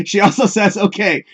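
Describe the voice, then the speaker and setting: His voice is high, a bit bright, and husky. Hosting a livestream show, he chats casually, swears freely, laughs often, and reads viewer comments aloud with joking advice.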